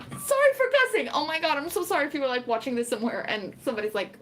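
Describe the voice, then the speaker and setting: A woman's voice: extremely high pitch, very animated, moderate pace, a bit bright. A woman streaming casually, reading chat aloud and ranting about her picks. She rambles with lots of fillers and laughs often. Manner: exasperated ranting.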